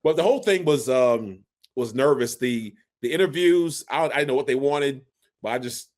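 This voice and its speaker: A man in his forties co-hosting a casual sports podcast, an animated storyteller who acts out quotes as he recalls his playing days. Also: medium pitch, normal speed. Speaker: podcast co-host, former NFL fullback.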